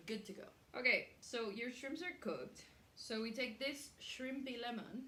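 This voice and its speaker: A woman's voice: fairly high pitch, measured pace, bright, forceful tone, a little hiss or hum. Chatty woman cooking in an echoey kitchen. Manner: chatty, swears freely, laughs easily. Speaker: cooking show host. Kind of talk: casual cooking vlog chat. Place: home kitchen. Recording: roomy kitchen echo.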